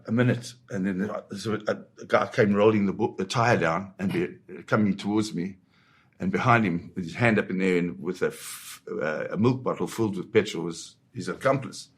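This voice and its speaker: Older man, low voice, interview guest, war photographer, vivid halting storytelling. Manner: vivid, halting retelling with many restarts.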